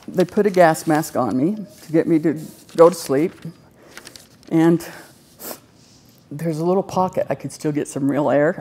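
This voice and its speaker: A woman with a deep, low-pitched speaking voice tells her own story to an audience at a live festival. She talks in a plain, conversational way, earnest and full of gratitude. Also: warm tone. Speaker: organ transplant recipient telling her story. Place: festival stage before an audience.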